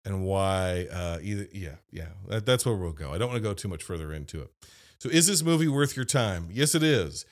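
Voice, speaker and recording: A man's voice: sits low, expressive, fairly quick. A man hosting a podcast, giving a casual, opinionated movie review, blunt and rambling, with fillers and asides. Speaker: podcast host and film reviewer.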